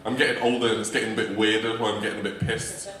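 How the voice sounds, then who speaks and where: A man's voice: on the low side, level tone, very fast, distant mic. A young man from England doing rambling, self-mocking stand-up comedy. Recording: echoey stage with a crowd from afar.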